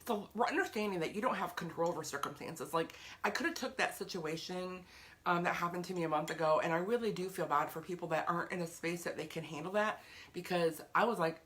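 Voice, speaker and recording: A woman's voice: fairly low pitch, a little fast, sharp tone. A woman giving an earnest, chatty talk on faith to her viewers, often repeating herself for emphasis. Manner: greets live viewers by name. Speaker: faith vlogger.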